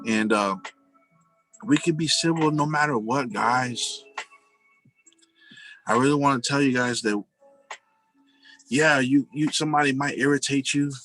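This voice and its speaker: A man's voice: medium pitch, a bit bright, no echo, rough recording. A married man telling personal stories in a casual, earnest, rambling monologue, often saying "you know" and calling his listeners "guys". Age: adult, married with a family.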